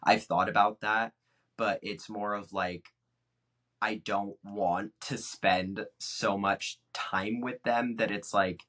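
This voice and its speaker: Guy guesting on a podcast, kinda low voice, laid back and blunt, says "like" a lot. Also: takes it slowly. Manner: frank and relaxed, heavy use of "like". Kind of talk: casual chat.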